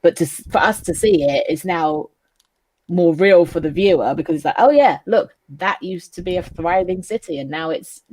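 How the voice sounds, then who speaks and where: A woman recapping an anime episode for a casual review with a friend. She talks in a slightly low voice, giggles, and fills her sentences with loose asides. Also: normal speed, darkish tone. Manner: giggly, recaps with many "like" fillers. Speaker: co-host.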